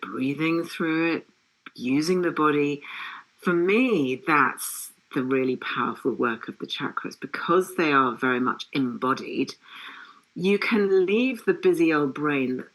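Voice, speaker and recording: A middle-aged woman, a yoga teacher, chatting as a guest in an interview and telling stories with lively laughter. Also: sits low, poor audio. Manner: animated, laughing storyteller. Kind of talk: casual interview chat.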